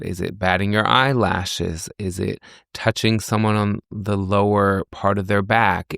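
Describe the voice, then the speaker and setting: A man with a very low, gravelly voice teaches like a professor talking to his students, posing rhetorical questions and walking through everyday examples. The recording is close and dry, with no room sound around him. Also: a bit bright, no room sound. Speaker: communication professor and podcast host. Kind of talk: lecture-style podcast.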